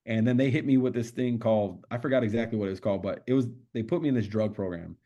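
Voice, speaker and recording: A man's voice: medium pitch, quick pace, dark tone, highs cut off. Blunt, profane man telling his story. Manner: casual, profane, streetwise storytelling. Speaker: podcast guest. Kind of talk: candid storytelling interview.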